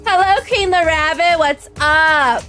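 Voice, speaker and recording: A woman streams a visual novel, reading the lines aloud in a high voice and chatting dramatically with her viewers. Her delivery is animated, and faint game music plays behind her. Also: measured pace.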